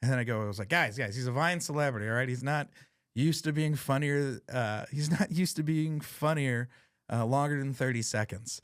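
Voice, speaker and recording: A man's voice: mid-range voice, moderate pace, smooth, no room sound, studio quality. A man hosting a podcast, telling a story in casual chat, laughing often and swearing freely. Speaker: podcast host.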